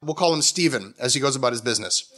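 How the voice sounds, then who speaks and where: A Canadian man giving a mock-academic comic talk in a sardonic, animated way. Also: mid-range voice, fast talker. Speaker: comedic lecturer. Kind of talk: stand-up style comic talk.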